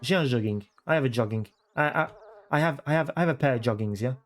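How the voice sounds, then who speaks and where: This chatty man talks quickly and loosely to his stream viewers from home, his pitch average. In a relaxed, rambling flow he repeats words, halts mid-phrase and corrects himself during a casual livestream chat.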